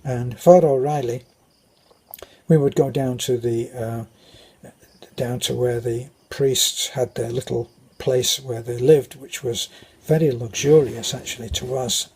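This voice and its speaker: An older man with a British accent tells anecdotes in a rambling, casual way. His voice is very husky and breathy. His pitch sits in the middle range. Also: fairly even intonation, unhurried, a little mellow. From Britain. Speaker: vlogger. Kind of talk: casual storytelling.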